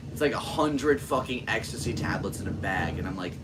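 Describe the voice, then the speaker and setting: A man with a fairly low voice speaks at normal speed against a noisy background. As a podcast host he tells a story in casual chat, swearing freely and animatedly acting out the voices of the people in it.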